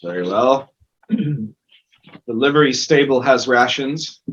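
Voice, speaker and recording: A man voicing a suspicious village headman in a tabletop game, speaking gruffly and formally. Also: medium pitch, animated, slow, fairly bright tone. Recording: dull lo-fi recording.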